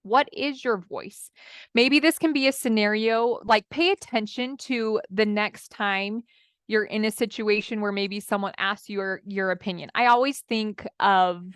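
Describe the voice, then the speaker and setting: A woman's voice: medium pitch, a little slow, smooth, dry recording, clean studio sound. A woman in her thirties giving a chatty motivational talk as a marriage coach, speaking straight to her listeners and acting out her clients' words. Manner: chatty, addresses listeners as friends, acts out quoted clients.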